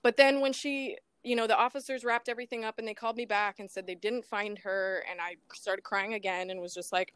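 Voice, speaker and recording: Smooth-voiced woman recounting a painful story. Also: on the high side, normal speed. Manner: animated storytelling, acts out phone dialogue, nervous laughs. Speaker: guest, daughter of a missing woman. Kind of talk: emotional personal account in an interview.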